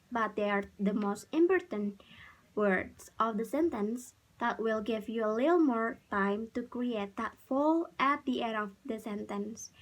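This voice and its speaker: A woman's voice: on the high side, rough recording. A woman student explaining her part of a class presentation, reading example sentences aloud.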